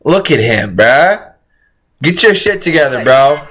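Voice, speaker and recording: A man's voice: medium pitch, big pitch swings, measured pace, a bit bright, faint music behind. A man streaming a casual reaction, rambling in slangy, profane talk and saying "bro" constantly. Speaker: streamer reacting to a crime video.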